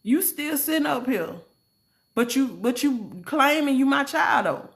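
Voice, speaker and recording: A woman's voice: sits high, animated, measured pace, pitched above the performer's own voice. A woman voicing God as a stern, loving male divine figure who corrects firmly in plain words. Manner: firm, correcting, plain-spoken.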